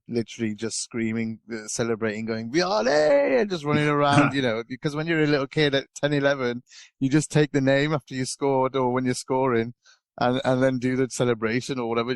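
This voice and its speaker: A man's voice: medium pitch, clear, resonant tone, dry recording. A man chatting casually as a podcast pundit, rambling with lots of fillers and restarts. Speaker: guest pundit.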